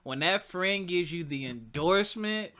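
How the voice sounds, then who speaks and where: Lively, bright-voiced male podcast host. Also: high-pitched, slow pace. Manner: lively, laughs easily, interjects. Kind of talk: casual conversation.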